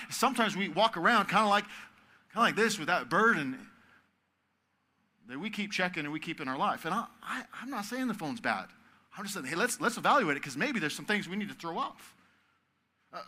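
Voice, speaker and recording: A man giving a sermon at a youth camp. He talks in a conversational way and swings from loud, emphatic stretches to soft, hushed ones. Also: sits high. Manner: conversational, asks the audience to repeat words.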